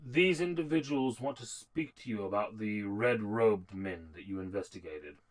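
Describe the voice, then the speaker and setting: A man voicing a commanding male warlord who speaks in a formal, measured way. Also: lowish voice, natural voice, low-quality recording.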